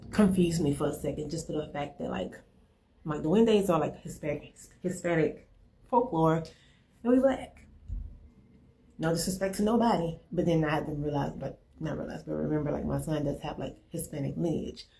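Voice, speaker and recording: A woman's voice: deep voice, moderate pace, gravelly, husky, poor audio. A woman in her thirties telling a personal paranormal story in a casual, emotional storytime vlog, with lots of "like" fillers. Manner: emotional, animated retelling with many "like" fillers. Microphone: phone.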